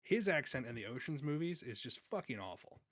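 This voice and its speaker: A man's voice: medium pitch, sing-song, fairly quick, a bit bright, no room sound, clean studio sound. A man hosting a movie podcast in casual, jokey chat, laughing often. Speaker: podcast host and judge.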